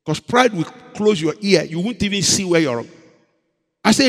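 A man, a pastor preaching a sermon in a dramatic storytelling way, moving between loud emphasis and hushed confession. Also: sits high, expressive, moderate pace. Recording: long hall reverb.

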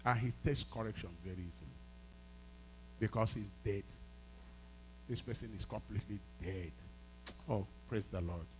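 A man's voice: lowish voice, moderate pace, pauses often, a little mellow, slight background noise, poor audio. A man preaching a sermon as a pastor, emphatic, repeating phrases and prompting his congregation.

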